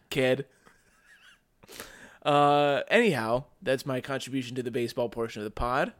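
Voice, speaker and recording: A man's voice: mid-range voice, measured pace. A man co-hosting a podcast, joking in casual chat and laughing often. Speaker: podcast co-host.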